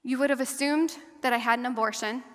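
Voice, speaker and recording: A woman giving a personal testimony talk to an audience, earnest and measured, slowing and going softer at the hard parts. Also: fairly high pitch, steady tone. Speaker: guest speaker and survivor advocate. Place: large hall or church. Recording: long hall reverb.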